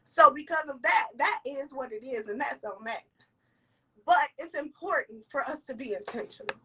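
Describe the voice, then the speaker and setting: A woman's voice: high voice, expressive, moderate pace, pushed and bright, distant mic, low-quality recording. A young woman vlogger giving an emotional motivational talk, tearful and sniffling, repeating lines for emphasis. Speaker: vlogger and entrepreneur.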